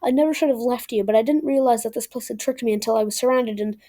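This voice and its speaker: A man's voice: very high voice, fast, mellow. A woman reading aloud the lines of a remorseful teenage boy from a novel, in a plain, unpolished way.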